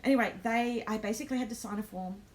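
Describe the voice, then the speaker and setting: Chatty Australian woman, slightly high voice. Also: fast. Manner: chatty, lots of ums, nervous laughs. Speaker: live stream host. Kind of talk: casual live-stream storytelling.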